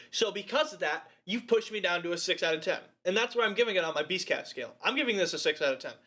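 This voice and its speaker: A man with a high, bright, forceful voice talks through a movie review on a podcast. He swears freely, acts out scenes with laughs, and rants with animated energy. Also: fast, few pauses. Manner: profane, animated, laughing storyteller. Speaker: podcast co-host. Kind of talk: casual movie review chat.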